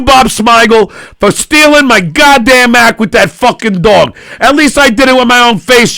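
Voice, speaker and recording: A middle-aged man rants in a loud, sarcastic, profane way, his bright, forceful voice riding high and swooping widely. A gravelly fry runs under it, and the sound is close and dry. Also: no echo. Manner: loud, profane, sarcastic, swinging between shouting and mumbling. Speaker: interview guest, comedian. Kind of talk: profane political rant and casual chat.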